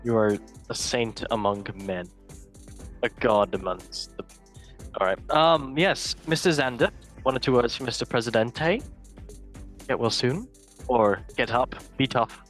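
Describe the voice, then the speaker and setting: A man's voice: mid-range voice, expressive, a little slow, a bit bright, faint music behind. A man hosting a casual football news chat, reading headlines with jokey asides and stumbles. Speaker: show host.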